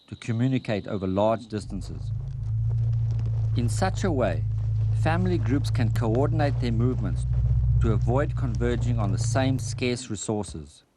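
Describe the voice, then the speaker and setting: A man giving scripted documentary voice-over narration in a measured, earnest way. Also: mid-range voice, mellow, slight background noise. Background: music.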